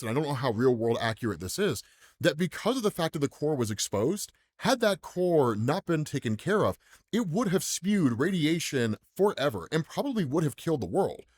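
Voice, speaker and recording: American man, comics commentary, lively up-and-down voice, slightly high pitch, keeps saying right. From United States. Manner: chatty, says "right?" constantly, laughs often. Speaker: comics explainer channel host. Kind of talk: casual commentary reading comic panels.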